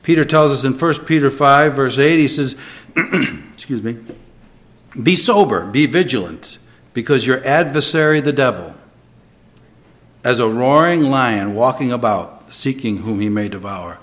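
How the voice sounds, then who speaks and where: A man preaching a sermon, moving between quiet reflection and emphatic, rising delivery. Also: mid-range voice, moderate pace. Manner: dynamic, swings between soft and emphatic.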